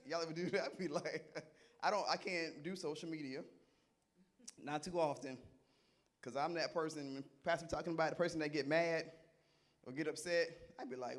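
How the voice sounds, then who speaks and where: A man's voice: on the high side, normal speed. A middle-aged man leading an interactive sermon as a Bible study teacher. He asks the audience questions, repeats their answers and laughs often. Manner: animated and playful, laughs often.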